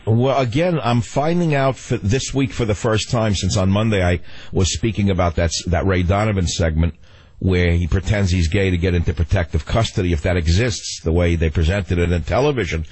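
Older husky man hosting talk radio. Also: sits low, a little fast, darkish tone, no room sound. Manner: rambling, wry and joking. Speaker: radio host.

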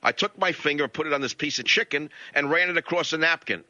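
A man's voice: a little high, quick pace, sharp tone, no room sound. A male radio talk show host delivering a blunt, sarcastic monologue into a studio mic. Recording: dull lo-fi radio audio.

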